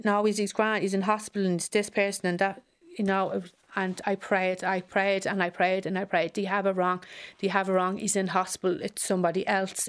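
A middle-aged Irish woman speaking in an emotional radio interview. She talks haltingly, repeats herself and speaks with raw grief. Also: on the low side, clear, resonant tone. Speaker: radio guest, bereaved mother.

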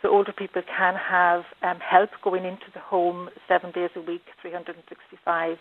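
A woman's voice: lowish voice, little pitch movement, a little hiss or hum. Woman expert on a phone line. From Ireland. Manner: measured, stumbles on repeated words. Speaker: expert guest, researcher on older people's care. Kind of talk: radio interview answer.

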